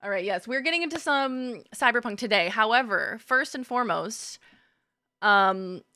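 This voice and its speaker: A young woman's fairly high, pushed, bright voice moves at a moderate pace with lively intonation. She's chatting casually on a game stream, greeting viewers by name and laughing frequently. It's a studio-quality recording with no room sound.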